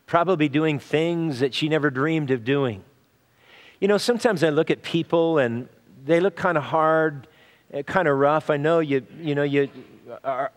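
A man delivers a sermon in a relaxed, conversational manner, often restarting phrases and filling pauses. His voice sits a little high for a man. It carries a long reverb from a large hall. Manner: conversational preaching with frequent fillers and restarts. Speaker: pastor.

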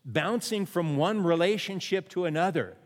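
A man's voice: sits high, lively intonation, moderate pace, in a large hall. A man preaching a sermon as pastor, who repeats refrains and asks his listeners questions.

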